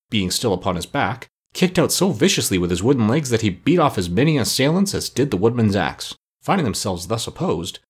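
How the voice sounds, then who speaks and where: A man with a low, husky voice reads a storybook aloud. His telling is expressive, swooping through a wide pitch range. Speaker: audiobook narrator. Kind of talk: scripted narration.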